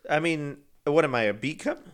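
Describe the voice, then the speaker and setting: A man's voice: fairly high pitch, animated, a bit bright, clean tone. A man hosting a casual podcast, joking around and recounting a true crime case with lots of fillers. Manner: joking, drawn-out and laid-back, many fillers. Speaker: podcast host.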